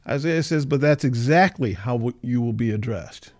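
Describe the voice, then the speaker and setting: A man leading an informal Bible study, reading scripture aloud and then explaining it conversationally, with frequent fillers and animated, mocking paraphrases of the people in the text. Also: mid-range voice, normal speed. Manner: animated, acts out the scoffers' voices in a mocking tone. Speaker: Bible teacher.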